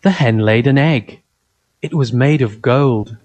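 A man reading a children's fairy tale aloud in simple, even, carefully spoken sentences. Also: mid-range voice, unhurried, a little hiss or hum. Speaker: storyteller.

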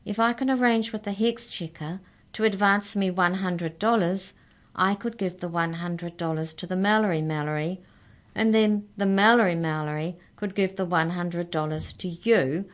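Storybook mouse, clever and formal, precise diction; a woman reading puts it on, low voice. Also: moderate pace, close to an everyday voice. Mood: persuasive.

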